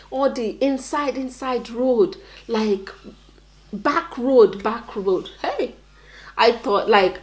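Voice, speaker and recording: A woman's voice: mid-range voice, darkish tone. A young woman with a Nigerian accent, telling a personal story time on her vlog, with many fillers and repeated phrases. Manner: earnest, repetitive storytelling with many "like"s. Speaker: vlogger.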